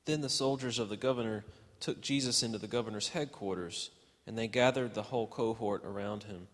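A man with a low voice reads scripture aloud in a church. He reads deliberately and slows on quoted words. His voice carries the long reverb of the church. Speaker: scripture reader. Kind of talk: liturgical scripture reading.

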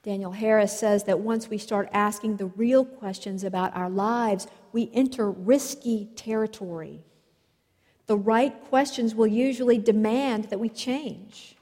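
A woman preaching a sermon, telling stories in a slow, measured way. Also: medium pitch, steady tone, a little mellow. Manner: slow, measured storytelling delivery. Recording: long reverb of a large hall.

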